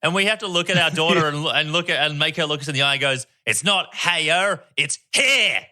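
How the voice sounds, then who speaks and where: A young Australian man co-hosting a podcast, chatting and telling a story in a relaxed way. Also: fairly high pitch, rapid-fire, no echo, studio quality. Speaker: podcast co-host. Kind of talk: casual podcast chat.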